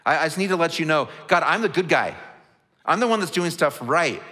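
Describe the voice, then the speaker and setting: A man's voice: on the high side, animated, brisk, bright, forceful tone, big-room sound, pitched above the performer's own voice. A man voicing a frustrated male prophet who complains, pleading and indignant. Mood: exasperated. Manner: exasperated, pleading.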